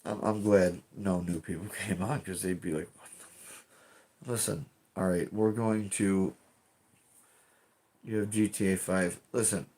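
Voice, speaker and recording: Low-voiced rambling streamer man. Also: steady tone, unhurried, a little mellow, slightly rough. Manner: rambling, profane, restarts often. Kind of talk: casual live-stream chat.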